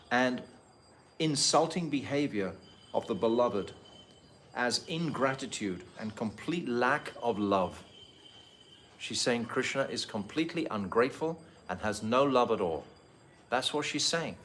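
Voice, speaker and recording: Male spiritual teacher, mid-pitched, unhurried scripture class with fillers and asides to listeners, faint background noise. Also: fairly bright tone. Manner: explanatory, pauses with fillers, asks listeners questions. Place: holy site, live talk to a group.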